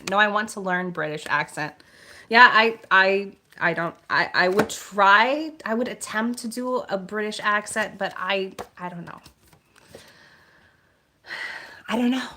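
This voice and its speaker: A woman speaks slowly and softly as she reads oracle card messages in a gentle, measured tone. She drifts into loose, rambling chat with her live viewers, full of filler words and restarts. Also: mid-range voice. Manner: slow, soft-spoken, meandering with filler words.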